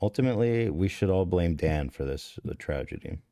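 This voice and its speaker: A man's voice: low voice, sing-song, fairly quick, hardly any pauses, dark tone, no room sound, clean studio sound. A man hosting a podcast, telling a story in a rambling, profane, self-deprecating way with many restarts. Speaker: podcast host. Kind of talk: casual confessional podcast talk. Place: podcast studio.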